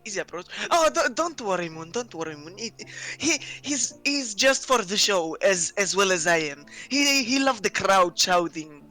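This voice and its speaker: A man's voice: sits high, big pitch swings, moderate pace, hardly any pauses, bright, forceful tone. A chatty man talking in character as a player at a tabletop game, often stumbling over his words.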